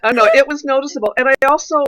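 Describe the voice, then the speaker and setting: A woman's voice: high-pitched, fairly bright tone, poor audio. Earnest woman giving church thanks. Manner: earnest, slowing down on emphatic phrases. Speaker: community member giving thanks and leading an affirmation. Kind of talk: heartfelt formal thanks in a church service.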